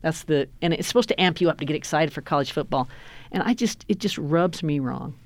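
Brisk, upbeat woman radio host. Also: low voice, animated, dry recording. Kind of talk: political talk radio chat.

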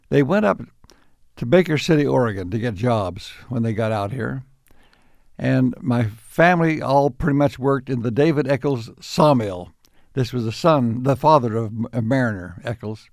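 An older man being interviewed, recalling his life in unhurried stories with frequent restarts and small chuckles. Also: medium pitch, vocal fry, a little mellow, no echo, clean studio sound. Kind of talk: reflective storytelling.

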